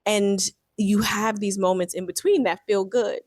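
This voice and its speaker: A woman in her thirties, a marriage coach, telling a personal story in a reflective, earnest way with many fillers, turning animated in her examples. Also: mid-range voice, measured pace, no room sound, studio quality.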